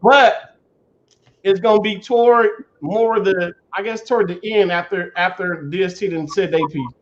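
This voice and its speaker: Laid-back high-voiced man hosting a livestream. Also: normal speed. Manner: loose, laughing, greets viewers by name. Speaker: livestream host. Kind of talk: casual livestream chat. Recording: dull lo-fi stream audio.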